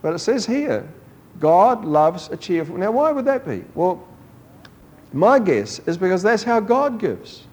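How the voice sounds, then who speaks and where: A man preaching a sermon, telling stories and acting out quoted voices. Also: unhurried. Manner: animated storytelling, acting out quoted voices with rising pitch.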